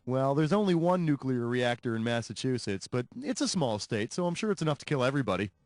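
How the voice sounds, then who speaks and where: An actor playing a wisecracking, sarcastic male trivia game show host, scripted for a video game, firing off quick jokey asides. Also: medium pitch, very animated, very noisy, natural voice. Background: game music.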